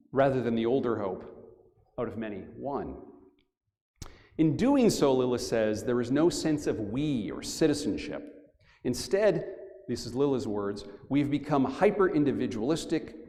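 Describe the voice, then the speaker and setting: A middle-aged man giving a formal academic lecture in measured, emphatic phrases with deliberate pauses. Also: medium pitch, mellow, long reverb tail. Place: large church.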